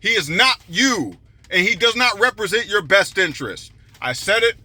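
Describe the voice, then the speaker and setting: A man's voice: sits high, big pitch swings, normal speed, bright, forceful tone, breathy edge. A man delivering an agitated, repetitive political rant, saying he is heated and fed up. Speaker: political commentator. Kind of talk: heated ranting monologue.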